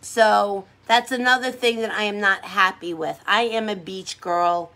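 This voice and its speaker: A woman's voice: medium pitch, fairly even intonation, measured pace, pushed and bright. A woman from hosting a casual makeup livestream, chatting with viewers in a rambling, upbeat, encouraging way. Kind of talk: casual livestream chat reading comments.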